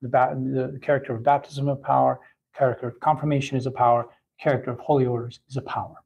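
A man giving a catechism lesson, talking in a halting way with many restarts and fillers. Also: medium pitch, level tone, gravelly, darkish tone, husky, muffled recording. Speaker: catechism teacher.

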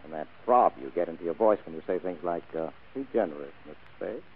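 An actor playing a hard-boiled private detective in a vintage radio drama, terse and dryly wisecracking. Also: male voice, low voice, animated, fast talker, slight background noise. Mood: dry, wry. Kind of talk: 1940s radio acting. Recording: tinny old radio broadcast recording.

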